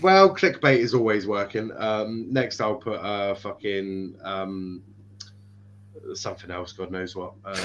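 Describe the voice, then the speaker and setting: A man's voice: lowish voice, measured pace, fairly bright tone, slight background noise. A man from Ireland hosting a casual football chat stream, teasing his guests and laughing often, with frequent fillers. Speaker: host. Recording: dull lo-fi stream audio.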